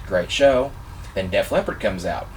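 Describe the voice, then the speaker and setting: A man vlogger telling a personal story in a casual, excitable, animated way, gushing like a fan. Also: sits low, a little slow, distant mic, a little hiss or hum.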